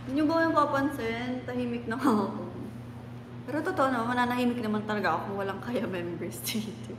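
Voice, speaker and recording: Casual giggly filipino girl chatting w her stream, kinda high voice, noisy background. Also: fast. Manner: playful, giggly, switches between English and Filipino. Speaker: livestream host. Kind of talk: casual live-stream chat reading comments. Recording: echoey room with long reverb and clear background noise.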